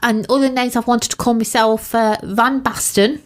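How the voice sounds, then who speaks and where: A woman's voice: on the high side, fairly even intonation, moderate pace. A woman co-hosting a casual chat podcast, telling cheeky stories and laughing often. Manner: giggly, storytelling, cheeky. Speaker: podcast co-host.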